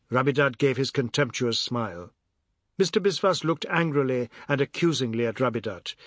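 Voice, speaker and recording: A man narrating a novel in a measured storytelling manner. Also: medium pitch, animated, fairly bright tone, no room sound. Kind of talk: audiobook narration. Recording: dry close studio sound.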